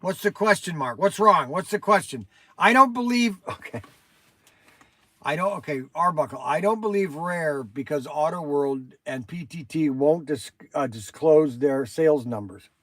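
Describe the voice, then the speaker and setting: Older male livestream host, high-pitched, rambling chat with viewers, dry close sound. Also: animated, normal speed, sharp tone, no echo. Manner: rambling, chatty, addresses viewers by name. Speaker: toy shop host answering viewers.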